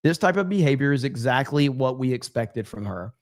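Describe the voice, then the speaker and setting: A man's voice: medium pitch, animated, a little fast. A man hosting a live stream, giving brash, profane, repetitive commentary. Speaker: streamer host.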